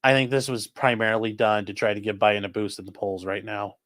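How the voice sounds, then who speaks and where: A man hosting a livestream, reading out viewer questions and answering them in a rambling, offhand way that often trails off quietly. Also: lowish voice, level tone, fast, no room sound. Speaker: livestream host reading chat. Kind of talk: casual live chat.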